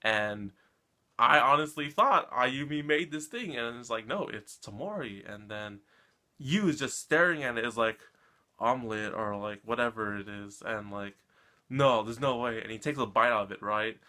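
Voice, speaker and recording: Man, anime reaction vlogger, bright tone, rambling recap, keeps checking in with the listener. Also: mid-range voice, normal speed. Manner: rambling, keeps tagging "right?". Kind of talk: casual episode recap.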